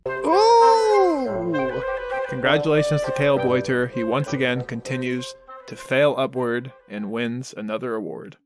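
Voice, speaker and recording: A man's voice: mid-range voice, steady tone, normal speed, loud music behind the voice. A man co-hosting a podcast, making wry, sardonic comments in casual banter. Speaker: podcast co-host.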